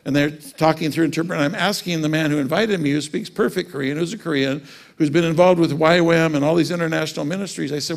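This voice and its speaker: A man's voice: on the high side, fairly even intonation, quick pace, creaky. A man preaching a sermon, telling a personal story and then rising into fervent preaching.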